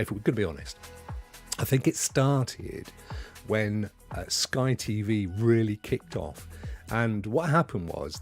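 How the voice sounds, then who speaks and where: A man's voice: on the low side, darkish tone. An English man hosting a gaming live stream, chatting casually in an opinionated, chatty way with chuckling asides. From England.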